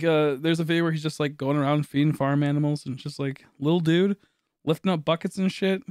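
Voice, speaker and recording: A man's voice: on the high side, darkish tone, dry recording, clean studio sound. A man in his late twenties, a streamer rambling through a funny story, laughing often and swearing casually.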